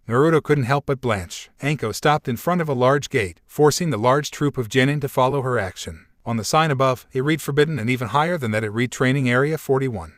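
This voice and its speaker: Dry, even male story narrator. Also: mid-range voice, a little fast, hardly any pauses, dry recording. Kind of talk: scripted narration of fan fiction.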